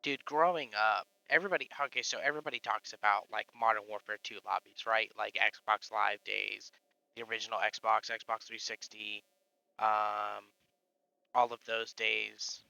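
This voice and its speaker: A man's voice: fairly low pitch, steady tone, normal speed, vocal fry, sharp tone, dry recording, highs cut off. Rambling, foul-mouthed streamer guy. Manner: rambling, profane, full of fillers. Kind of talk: casual live-stream chat.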